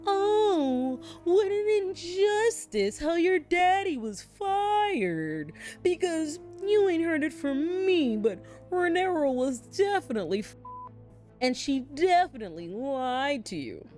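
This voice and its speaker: Woman putting on a sneaky courtier guy, sugary and slow, all high and drawn out. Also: big pitch swings, darkish tone, faint music behind, heavily acted. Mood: conniving. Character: scheming male courtier, sly and whispery.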